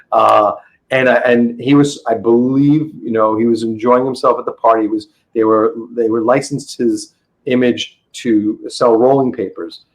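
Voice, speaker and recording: Heard through a low-quality recording, a middle-aged man with a lowish voice guests on a podcast. A comic book dealer, he rambles enthusiastically through casual stories, frequently backing up to restart.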